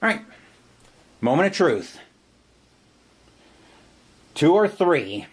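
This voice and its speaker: A man's voice: fairly high pitch, big pitch swings, extremely slow, slightly rough. A man playing a board game on his own and explaining each move step by step. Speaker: solo board game player. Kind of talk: board game playthrough commentary.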